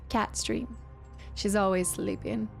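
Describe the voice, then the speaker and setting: A woman's voice: medium pitch, steady tone, takes it slowly, gravelly, soft background music. A woman streaming a game live and chatting casually as she thinks aloud through puzzles. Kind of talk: live gameplay commentary.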